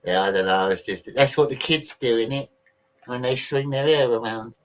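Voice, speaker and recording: A man's voice: medium pitch, normal speed, a little hiss or hum. A man hosting a casual livestream, rambling chattily to his viewers and swearing freely while he sorts out videos on his computer. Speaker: livestream host.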